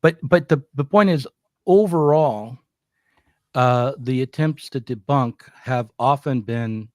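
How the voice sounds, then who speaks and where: A man co-hosting a political talk stream, speaking in a middle-pitched voice with frequent fillers and self-corrections. The sound is dry and close, with no room around it. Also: slow, a little mellow, no room sound. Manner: hesitant, many restarts and fillers. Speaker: podcast co-host. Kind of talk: casual political discussion.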